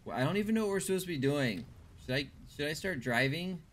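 A man's voice: fairly high pitch, lively intonation, fast talker. A man casually commenting while he plays a video game and chats with viewers, thinking aloud as he goes. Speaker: streamer.

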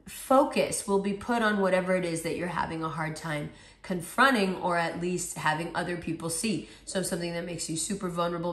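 A woman with a hoarse, partly lost voice giving a casual tarot reading, talking conversationally and asking her listeners rhetorical questions. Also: on the low side. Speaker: tarot reader.

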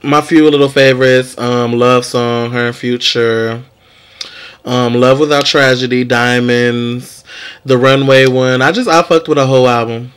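A man's voice: medium pitch, measured pace, clear, resonant tone. Sassy young man dishing celebrity gossip. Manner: sassy, profane, animated commentary. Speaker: vlog host. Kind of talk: casual celebrity gossip vlog.

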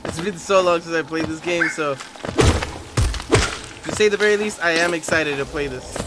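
A man streaming a video game live, chatting casually and excitably and swearing often, sounding tired. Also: a little high, moderate pace, very noisy. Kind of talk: casual live gameplay commentary.

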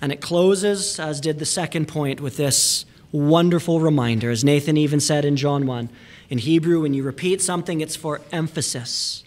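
A man pastor delivers a sermon in a church. His voice sits a little high for a man. He preaches emphatically, repeating phrases and sinking to near-whispers for weight. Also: normal speed, darkish tone. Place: church sanctuary.

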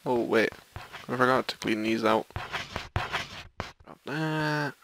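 A man's voice: mid-range voice, slow, vocal fry, a bit bright, slight background noise, poor audio. A man hosting a let's play, giving sweary, exasperated commentary and muttering to himself as he plays. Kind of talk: profane gaming commentary. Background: violin game music.

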